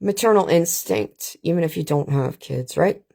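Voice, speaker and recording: A woman's voice: sits low, expressive, gravelly, background noise. A middle-aged woman from Canada hosting a live stream, telling stories in a blunt, profane, casual way. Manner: blunt, profane, unhurried with frequent filler questions. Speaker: channel host. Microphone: webcam or phone on a live stream.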